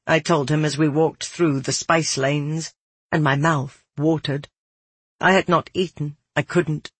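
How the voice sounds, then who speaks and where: An audiobook narrator reading first-person fiction in a measured, even storytelling manner. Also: medium pitch, slightly rough, no echo.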